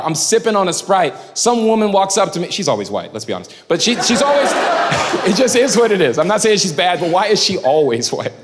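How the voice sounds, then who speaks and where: A man performing a stand-up comedy set, telling stories with lively shouting and acting out characters. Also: high-pitched. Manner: animated storytelling, shouting punchlines, acting out characters. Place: large hall before a live audience. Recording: live hall reverb, loud crowd. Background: crowd laughing.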